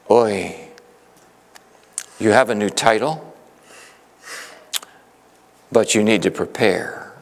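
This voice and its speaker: A man preaching a sermon emphatically, swinging from urgent exhortation to gentle reassurance. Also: fairly low pitch, drawn-out words, vocal fry, pauses often, long reverb tail. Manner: emphatic, shifting between urgent and soothing. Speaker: pastor.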